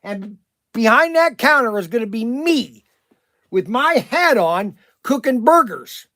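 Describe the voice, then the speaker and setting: Casual livestream host, man, higher voice, rambly and excitable, dry close sound. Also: measured pace, dry recording. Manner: rambling, animated, many restarts and fillers. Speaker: livestream host and shop owner.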